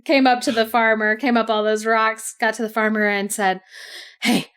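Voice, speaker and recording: Woman host retelling a folk tale, casual, playful, fairly high voice. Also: flat delivery, fairly quick, a bit bright, smooth. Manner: chatty, playful asides. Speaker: podcast host and storyteller.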